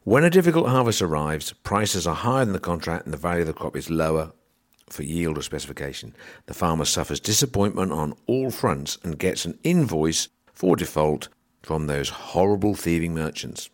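Male podcast host, very low voice, dry sardonic explainer. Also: lively intonation, moderate pace. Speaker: podcast host on grain marketing.

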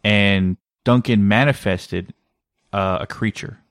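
A man with a low voice tells a story in an animated way and leans on filler words along the way. He is co-hosting a casual podcast. The mic is close and the sound is dry. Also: slow, no echo. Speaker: podcast co-host. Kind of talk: casual conspiracy podcast chat.

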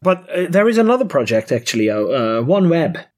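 A man's voice: on the high side, very animated, a little mellow. A man co-hosting a podcast, speaking earnestly and thoughtfully with frequent hesitations. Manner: earnest, thoughtful, hesitant fillers, quick to laugh. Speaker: podcast co-host. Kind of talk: casual podcast discussion.

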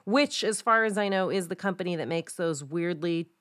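A woman co-hosting a casual true-crime podcast, chatty and quick to laugh. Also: on the low side, a bit bright, dry recording, clean studio sound. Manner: laughs often, chatty and tangent-prone. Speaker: podcast co-host.

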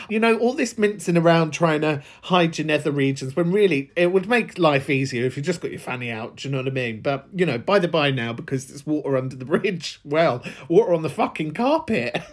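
A man's voice: a little high, expressive, brisk, few pauses. A man with a London accent hosting a podcast, responding to a caller in a camp, laughing, sweary way. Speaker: podcast host. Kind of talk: casual podcast chat.

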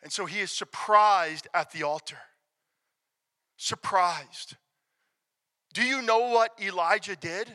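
A man preaching a sermon, emphatic, swinging from loud declarations to hushed near-whispers. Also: high voice, slow pace, pauses often. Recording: long reverb of a large hall.

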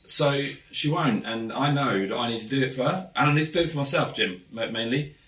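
A man's voice: mid-range voice, brisk, fairly bright tone. A man, co-hosting a podcast in casual banter and often teasing himself and his co-host. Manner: teasing, self-mocking. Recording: echoey room, mic at a distance.

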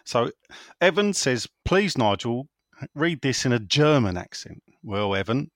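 A man's voice: medium pitch, big pitch swings, a little slow, fairly bright tone, no room sound. A man co-hosting a podcast in casual chat, joking about himself, laughing often and reading out listener comments. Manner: jokey and self-mocking, laughs often. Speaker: podcast co-host.

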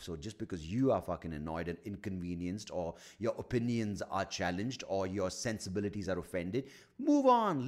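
A man's voice: deep voice, a little mellow. A man hosting a solo podcast, ranting in a profane, sardonic way. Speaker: podcast host.

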